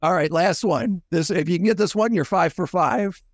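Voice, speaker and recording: High-voiced man hosting a quiz. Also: normal speed, no room sound. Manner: playful quizmaster. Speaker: podcast host. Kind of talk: casual chat, reading rap lyrics aloud.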